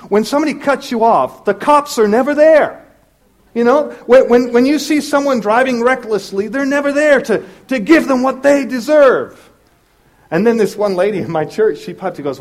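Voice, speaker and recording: A man preaching a sermon, telling a story in an animated way and acting out the voices of the people in it. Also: high-pitched, moderate pace. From Southern California. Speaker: pastor.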